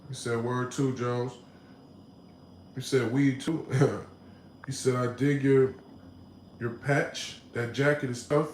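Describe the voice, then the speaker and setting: A man hosting a casual livestream, reading out comments and telling a story in animated, slangy talk with laughs. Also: mid-range voice, slow, pauses often, echoey room, a little hiss or hum, poor audio. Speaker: livestream host. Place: home room.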